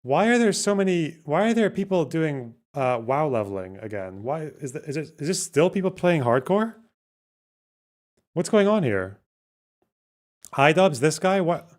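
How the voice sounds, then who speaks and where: A man's voice: fairly high pitch, very animated, a little slow. A man hosting a livestream, chatting casually and reacting with swearing and restarts. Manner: swearing, incredulous, thinks aloud with restarts. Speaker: livestream host. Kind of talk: casual chat reacting to chat and clips.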